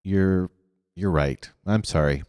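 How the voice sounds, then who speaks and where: A man's voice: sits low, slow, a little mellow, clean tone, dry recording, clean studio sound, big-room sound. A man voicing a blunt, impatient young girl in a storybook reading. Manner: blunt, exasperated.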